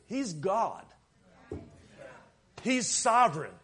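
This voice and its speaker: A man's voice: high voice, lively intonation, unhurried, fairly bright tone. A man preaching a sermon, with an emphatic delivery that swells and drops as he makes his points. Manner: emphatic, rising and falling preaching cadence.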